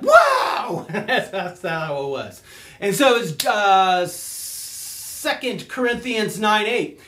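A man preaching a casual sermon, excitable and animated, laughing often as he talks. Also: sits high, roomy sound.

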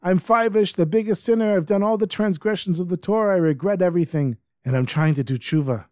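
A man putting on a panicked old sinner who begs with his voice jumping high and cracking. The voice sits above an ordinary man's, recorded dry and close with no room sound. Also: expressive, moderate pace, a little mellow, no room sound, lightly acted. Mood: penitent. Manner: high, desperate, cracking pleas. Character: sinful old man terrified of dying, pleading.

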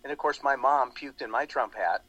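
Male talk host, animated and rambling; husky, dry studio sound. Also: medium pitch, normal speed, no room sound, lo-fi sound. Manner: animated, rambling, lots of restarts. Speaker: radio show host. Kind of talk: casual political talk show chat.

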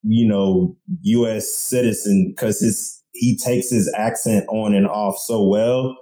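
A man's voice: fairly low pitch, fairly even intonation, slow, mellow, roomy sound, rough recording. A man hosting a podcast, talking casually in a laid-back, drawling way. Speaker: podcast host. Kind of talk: casual chat.

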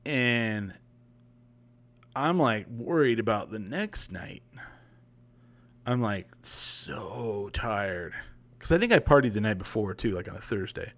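A young man hosting a podcast livestream, telling a long story in a rambling, profane, casual way. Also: mid-range voice. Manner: rambling, profane, animated retelling. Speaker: podcast host.

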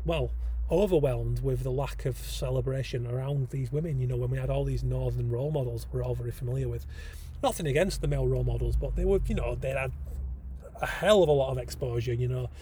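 A man's voice: medium pitch, a little fast, warm tone, a little hiss or hum. A man hosting a casual solo podcast, talking enthusiastically with frequent ums and rambling asides. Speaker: podcast host.

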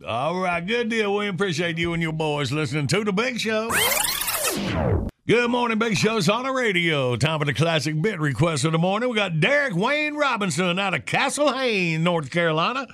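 A man's voice: high voice, lively intonation, normal speed, pushed and bright, slight background noise. A man hosting a morning radio show, folksy and casual in his slang.

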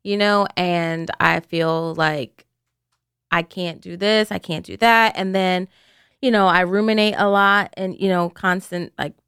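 A woman guest on a podcast, calmly explaining from her own experience in a studio. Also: lowish voice, a little slow, smooth, no room sound. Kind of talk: casual podcast chat.

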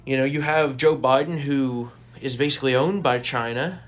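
A man's voice: mid-range voice, normal speed. A man hosting a political podcast in casual chat, blunt and profane, often checking for agreement. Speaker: podcast host.

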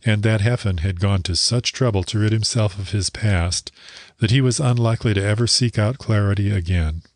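Deep-voiced man narrating a story. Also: normal speed, no echo, clean studio sound. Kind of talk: audiobook narration.

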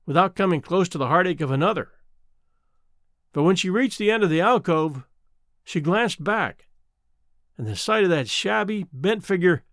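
A man narrating a short story in an expressive, measured reading. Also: high-pitched, no echo, clean studio sound.

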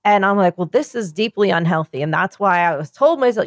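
A woman co-hosting a podcast in casual chat, rambling excitedly and swearing freely. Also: medium pitch, fairly quick, no room sound. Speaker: podcast co-host.

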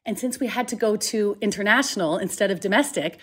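A woman's voice: mid-range voice, fairly quick, breathy edge. A woman from Canada, a guest on a video call, telling a long travel mishap story with energy and acting out the other people in it. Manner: animated storytelling, acts out other people's lines. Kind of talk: casual chat on a video call.

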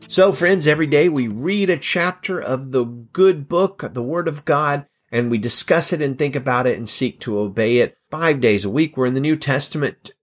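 A man's voice: medium pitch, slightly rough. A man hosting a Bible reading podcast, teaching and telling the story in an earnest, encouraging way. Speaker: podcast host.

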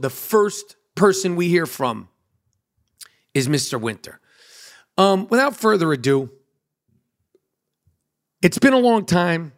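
A man hosting a comedy podcast, riffing through a monologue in a hyped-up, profane, joking way. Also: fairly high pitch. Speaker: podcast host.

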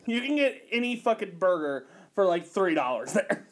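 A man's voice: high-pitched, big pitch swings, normal speed. A man hosting a podcast, teasing his co-host with crude jokes and frequent laughter. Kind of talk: casual comedic chat.

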